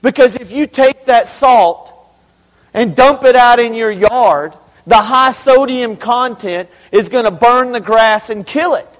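A man's voice: very high-pitched, measured pace, big-room sound, poor audio. A man preaching a sermon as pastor, emphatic and conversational, with humorous asides to his congregation. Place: church sanctuary.

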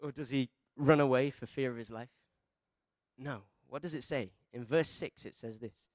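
Brief: male pastor, a mid-pitched voice, a dry close mic, preaching with question-led call-and-response. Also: moderate pace, no echo. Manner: swings between soft, low asides and loud emphatic peaks. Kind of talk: sermon.

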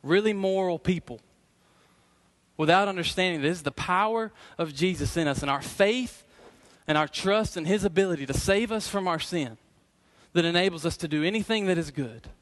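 A middle-aged man preaching a sermon as pastor, earnest and emphatic, slowing down to repeat key phrases. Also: sits high.

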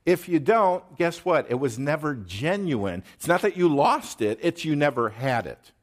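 A man preaching a teaching sermon, stressing words and pausing to check in with his listeners. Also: medium pitch, big pitch swings. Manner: emphatic, pauses to drive points, checks in with "okay?". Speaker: pastor.

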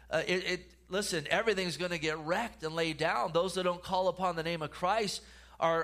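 A man's voice: sits high, sharp tone. A man, a pastor, preaching a sermon in an earnest way, often repeating words and restarting phrases.

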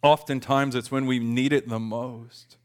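A man's voice: medium pitch, steady tone, measured pace, clear, resonant tone. A man in his thirties preaching a conversational, earnest sermon, lifting his voice when he quotes a lament. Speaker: pastor.

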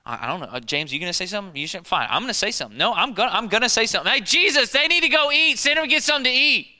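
A man's voice: high voice, lively intonation, rapid-fire, bright, forceful tone, exaggerated voice. A man voicing a tired, fed-up male disciple who hesitates, then blurts out his complaint. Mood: exasperated.

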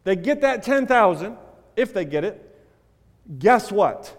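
Man, pastor, sermon, lively high voice, slow deliberate delivery, church hall reverb. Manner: animated preaching, swinging from loud emphasis to quiet asides, telling a joke story. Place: church sanctuary.

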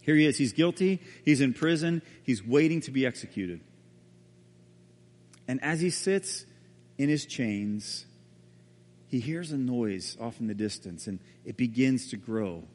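A man preaching a sermon as a pastor, telling the story dramatically and often dropping to a hushed voice. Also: mid-range voice, unhurried, long pauses. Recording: reverberant hall.

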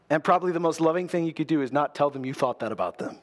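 A man's voice: fairly high pitch, racing, few pauses. A man preaching a sermon as pastor, often repeating his words and asking his listeners questions. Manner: repeats words and phrases for emphasis; asks the congregation rhetorical questions.

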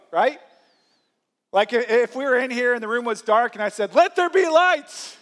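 Man, pastor, sermon, high-pitched voice, conversational preaching, acts out quotes. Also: fairly bright tone. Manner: conversational preaching with light laughs and acted-out quotes.

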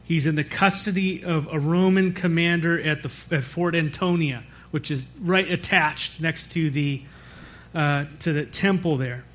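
A pastor with a high-pitched, fairly bright voice delivers a church sermon. His preaching is conversational and wandering, with fillers and quick self-corrections.

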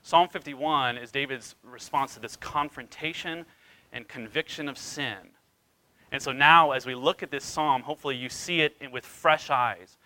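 A man's voice: medium pitch, moderate pace, sharp tone, poor audio. A man preaching a sermon as pastor, retelling scripture dramatically with wide swings in emphasis.

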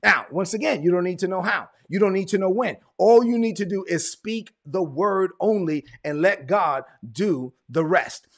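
A man's voice: sits high, normal speed, few pauses, fairly bright tone. A man from Brooklyn, preaching a sermon with emphatic, repetitive cadence. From Brooklyn, New York. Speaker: pastor.

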